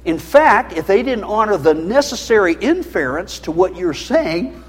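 A middle-aged male preacher with a high, husky voice that swings widely as he pleads and warns. He preaches with raw feeling and pushes into shrillness when he gets loud. The sermon rings with a long reverb, like a church hall. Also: big pitch swings, moderate pace. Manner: passionate, emotional, voice rising to a shrill pitch.

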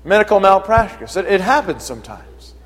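A man preaching a sermon in an earnest manner that rises to forceful emphasis. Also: high voice, big pitch swings, fairly quick, long reverb tail, rough recording.

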